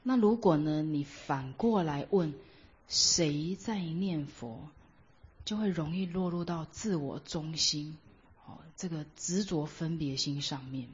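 A woman teaching Buddhist meditation, explaining each point with examples in a measured way. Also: low voice, darkish tone, slightly rough. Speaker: dharma teacher. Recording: dull lo-fi recording.

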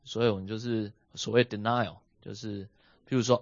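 A man teaching a lesson, animated and questioning his listeners as he explains, switching between English and Mandarin. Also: on the low side, brisk, dry recording, highs cut off. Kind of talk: bilingual class lesson. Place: home with a basement.

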